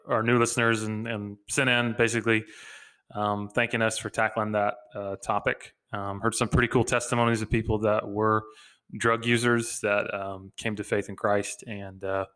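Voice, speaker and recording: A man's voice: on the low side, flat delivery, moderate pace, a bit bright, smooth. A man co-hosting a podcast, chatting casually in an upbeat way with many fillers over a video call. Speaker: podcast co-host.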